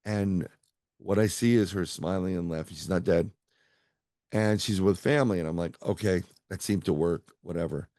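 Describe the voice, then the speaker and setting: A man's voice: deep voice, normal speed, dark tone, no room sound, studio quality. A middle-aged man, a psychic medium, telling a rambling story over a video call and acting out the other people's lines. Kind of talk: casual storytelling interview.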